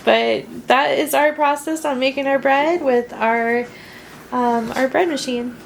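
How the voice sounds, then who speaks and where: A woman's voice: sits high, slow pace, vocal fry. A woman hosting a home baking channel, chatting casually in her kitchen and laughing often. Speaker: home baker, channel host. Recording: noisy home recording.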